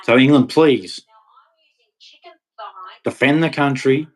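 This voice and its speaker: A man delivering an impassioned, ranting monologue to camera, with sudden loud, emphatic rises. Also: mid-range voice, takes it slowly. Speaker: vlogger.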